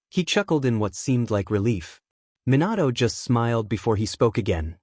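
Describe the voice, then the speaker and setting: A man reads a fan fiction story aloud, his pitch moving in a lively way through the narration. The sound is dry and close, with no room around it. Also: moderate pace, dry recording.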